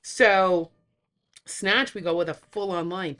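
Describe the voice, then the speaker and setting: Woman podcast co-host, casual and animated, slips into acted movie quotes. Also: fairly low pitch, takes it slowly. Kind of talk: casual chat.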